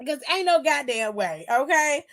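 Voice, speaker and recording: Speaking at normal speed, this young woman has a high, very animated, fairly bright voice. Hosting a laid-back wrestling recap stream, she comes across as profane, blunt and dismissive.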